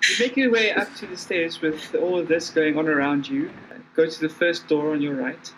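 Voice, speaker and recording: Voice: mid-range voice, normal speed, a bit bright, low-quality recording. Game master, easygoing narration, slight background hum.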